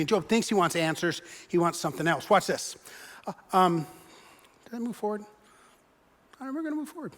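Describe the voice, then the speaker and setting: A pastor giving a sermon in a church, conversational and wry, with emphatic turns. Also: male voice, high-pitched, expressive, a little fast, long pauses, a bit bright. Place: church sanctuary. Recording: long reverb of a large church hall.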